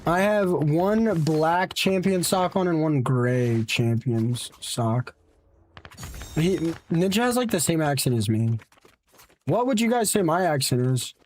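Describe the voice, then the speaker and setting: A man's voice: on the high side, expressive, slow, slight background noise. A man streaming a game, chatting offhand with his viewers and teammates and teasing them casually. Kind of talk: casual gaming stream chat.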